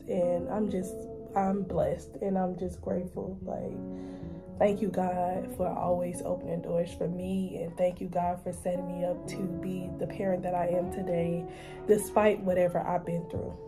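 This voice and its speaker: A woman's voice: lowish voice, flat delivery, unhurried, over music. A young woman in a casual vlog, chatting straight to her viewers in an emotional, talkative way. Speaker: vlogger, mother. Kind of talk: casual vlog chat to camera.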